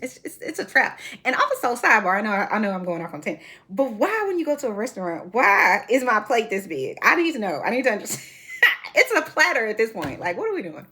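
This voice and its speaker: Lively sassy woman chatting. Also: on the high side, brisk, husky. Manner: animated, sassy, laughs often. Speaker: reality TV commentary host. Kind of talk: casual chat.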